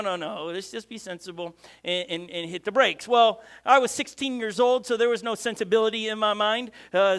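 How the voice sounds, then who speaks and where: A middle-aged man preaching a sermon as a pastor, an animated storyteller who keeps checking in with "okay?" and "right?". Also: very high voice.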